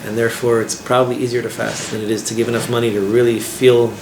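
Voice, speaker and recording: A man, a rabbi, teaching an informal class in a lively way, asking his listeners questions and using Hebrew terms. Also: medium pitch, quick pace. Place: classroom with a small group. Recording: echoey room with background noise.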